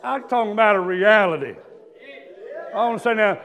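A man preaching a sermon, telling stories and breaking into shouted hallelujahs. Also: high voice, brisk. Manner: emphatic storytelling, bursts into shouted hallelujahs.

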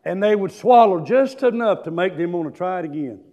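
An older man preaching a sermon, telling folksy stories with drawn-out fillers and climbing into shouts. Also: lively intonation, highs cut off. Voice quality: high-pitched, rising to shouts. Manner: folksy storytelling, drawling fillers.

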